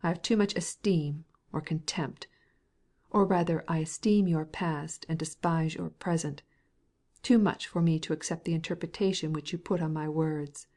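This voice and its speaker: A woman's voice: low voice, steady tone, moderate pace, dark tone. A woman voicing a cold, formal, resentful middle-aged husband in an audiobook, speaking in a clipped, cold way.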